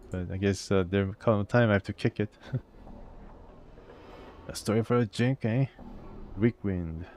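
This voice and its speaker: A man's voice: lowish voice, a little mellow. A man casually playing through a video game, reading its text aloud and chatting about it. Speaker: gamer.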